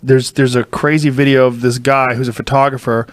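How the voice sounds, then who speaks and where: A man hosting a podcast, talking in casual conversation, an animated storyteller who swears freely. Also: mid-range voice, brisk, no echo. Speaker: podcast host. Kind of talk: casual long-form conversation.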